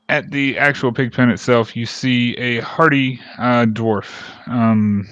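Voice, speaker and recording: A man's voice: medium pitch, fairly bright tone, no room sound, dull audio. A man narrating a tabletop game as game master, rambling and hesitant, with many fillers.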